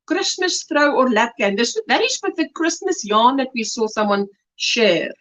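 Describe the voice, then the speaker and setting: A South African woman hosting a casual crochet livestream, chatting warmly and reading viewer comments aloud with delight. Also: a little high, very animated, normal speed.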